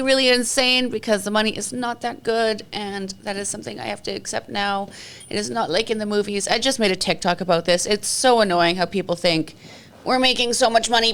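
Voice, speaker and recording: A woman in her thirties talks casually on her solo podcast, wandering from one topic to the next. Her voice is smooth and clear, pitched in a middle range, and she keeps undercutting herself with wry jokes. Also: fairly bright tone. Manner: chatty and rambling, jumps between topics with self-mocking jokes. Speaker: podcast host.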